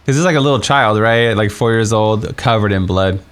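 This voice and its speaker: A man's voice: lowish voice, brisk, smooth. A young man streaming a game, telling a story in a casual, rambling way with many fillers and restarts. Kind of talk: casual storytelling while playing.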